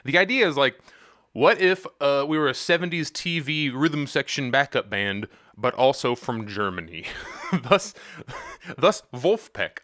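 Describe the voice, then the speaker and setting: Man, comedic music vlogger, sarcastic, bright voice, bouncy intonation, dry close sound. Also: medium pitch, dry recording. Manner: sarcastic, jokey, self-mocking.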